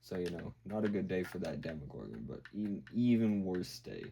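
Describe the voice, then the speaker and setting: A man's voice: low voice, animated, fast, vocal fry, dark tone, a little hiss or hum, rough recording. A man hosting a video, casually recapping a show in a rambling way with lots of fillers. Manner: rambling, full of fillers and acted-out quotes. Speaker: video host.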